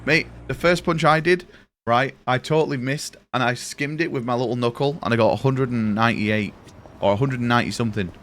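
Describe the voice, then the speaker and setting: A man's voice: mid-range voice, a little fast, a bit bright, slight background noise. A young man streaming a game live, rambling and swearing as he tells stories to friends. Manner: rambling, swears, chatty storyteller. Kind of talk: casual live-stream chat while gaming.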